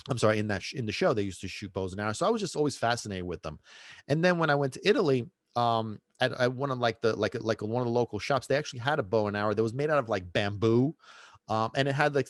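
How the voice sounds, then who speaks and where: A middle-aged man who hosts a podcast and trains dogs tells a casual story, rambling with many restarts and asides. His voice is mid-range, and the sound is clean studio audio with no echo.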